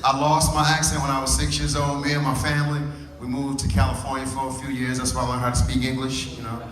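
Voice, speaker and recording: A man in his thirties from New Orleans doing a stand-up comedy set, telling loose, animated stories with slangy punchlines. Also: medium pitch, fast talker, crowd noise. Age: 30s. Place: comedy club stage with a live audience. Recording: roomy, distant club recording with audience noise.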